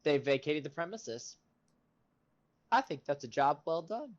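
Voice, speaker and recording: A man's voice: on the high side, very animated, measured pace. Joking player man, muffled call audio. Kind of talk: tabletop game role-play. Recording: dull lo-fi online call audio.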